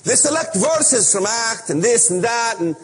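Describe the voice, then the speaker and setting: A man preaching an impassioned sermon, emphatic and repetitive in a husky voice. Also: very high voice, lively intonation, unhurried. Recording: echoey hall.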